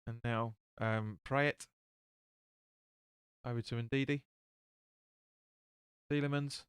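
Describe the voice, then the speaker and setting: A man's voice: medium pitch, steady tone, slow, smooth, no echo, clean studio sound. A man hosting a live football watch-along, calling the play and chatting with viewers as he reads their comments. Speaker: fan watch-along host.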